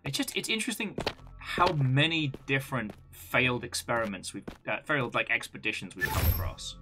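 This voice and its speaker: A man's voice: mid-range voice, a little fast, over music. A man hosting a gaming video, chatting through gameplay commentary with joking asides.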